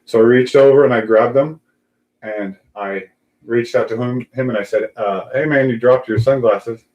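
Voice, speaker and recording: A man's voice: mid-range voice, moderate pace, dull audio. A man hosting a casual live talk show, telling a long anecdote and acting out the voices of people in it. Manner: animated anecdote teller, acts out quoted voices. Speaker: podcast host. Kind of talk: casual chat, storytelling.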